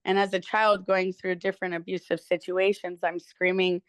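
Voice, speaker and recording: A woman guest in a casual interview, a physical therapist who tells stories in a candid, animated way and swears freely. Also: lowish voice, normal speed, smooth, dry recording.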